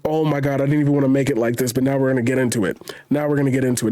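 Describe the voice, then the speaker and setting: A man reacting to a news article, reading it out quickly and then ranting with heavy swearing and repeated phrases. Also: mid-range voice, fairly even intonation, warm tone. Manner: rapid when reading, slow and emphatic when ranting. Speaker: commentary streamer.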